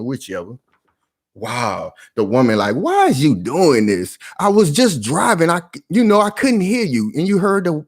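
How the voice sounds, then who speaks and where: A man giving casual reaction commentary, emphatic and full of street slang, often calling out to his viewers. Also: mid-range voice.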